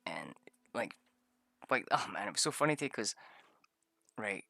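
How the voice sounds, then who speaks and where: Young adult man, casual storyteller; bright, forceful tone in a dry, close setting; profane, laughing, jumps into high excited bursts. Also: normal speed, vocal fry, long pauses, no echo. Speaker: vlogger recapping a tabletop game session.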